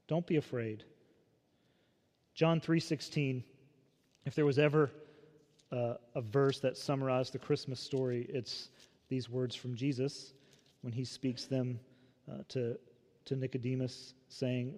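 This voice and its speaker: A man preaching a sermon with a conversational, joking manner, shifting between loud emphasis and quiet reflection. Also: medium pitch, steady tone, moderate pace, long reverb tail. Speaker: pastor.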